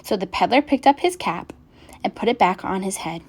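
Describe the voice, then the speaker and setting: A woman reading a picture book aloud with gentle, expressive narration. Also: mid-range voice, normal speed, breathy edge. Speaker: storyteller.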